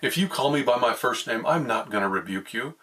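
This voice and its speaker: A man's voice: mid-range voice, expressive, a little fast, fairly bright tone, far from the mic. A middle-aged man, a pastor, teaching from the Bible in a plain-spoken, conversational way with frequent restarts.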